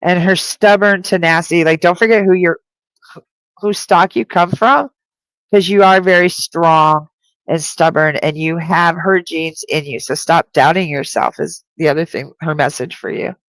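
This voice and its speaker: A woman's voice: on the low side, fairly even intonation, moderate pace, fairly bright tone, no echo, rough recording. Chatty woman doing a psychic reading. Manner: chatty and rambling, full of "like". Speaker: psychic medium. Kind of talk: live-streamed spirit reading.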